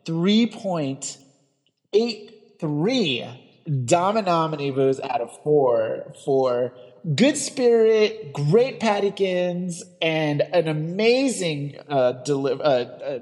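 A man's voice: fairly high pitch, expressive, slow, darkish tone, long reverb tail. A man co-hosting a podcast, giving wry, emphatic opinions in a casual chat about an episode. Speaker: podcast co-host.

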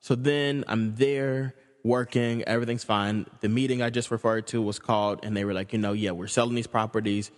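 A man's voice: fairly low pitch, steady tone, fairly quick, few pauses, long reverb tail. A young man casually telling a personal story, with lots of fillers and moments of emotion.

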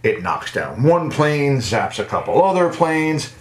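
A man co-hosting a podcast, casually recapping a TV episode with wry asides and quick agreement. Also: mid-range voice, sing-song, reverberant, a little hiss or hum. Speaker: podcast co-host.

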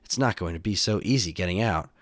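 A man's voice: low voice, fast, no echo, clean studio sound. A man voicing a plucky, determined young robot hero in a read-aloud storybook, speaking in eager exclamations.

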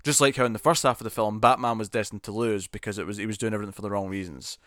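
A man casually discussing a film with a friend, animated and rambling, often restarting his sentences. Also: on the low side, very fast, no echo, studio quality. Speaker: podcast co-host.

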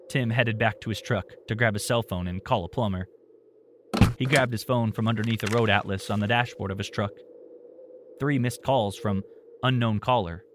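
Man narrating a story, faint noise. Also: on the low side.

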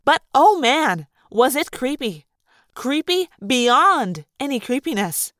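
A woman narrating a novel aloud in first person with expressive storytelling. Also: high-pitched, slow pace, dry recording, clean studio sound. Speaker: audiobook reader.

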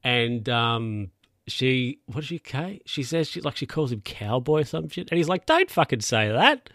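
Bloke, mid-pitched, dry close sound, loose rambling recap delivery, swears freely. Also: male voice, moderate pace, a bit bright, no echo. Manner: rambling, sweary, chuckles often. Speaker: show recapper. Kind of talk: casual spoken TV recap.

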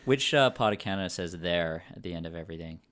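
A man's voice: low-pitched, animated, rapid-fire, fairly bright tone. A man in his thirties from Australia hosting a podcast, chatting casually and rambling through stories. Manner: rambling, self-aware storyteller. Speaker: podcast host. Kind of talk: casual chat. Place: Vancouver.

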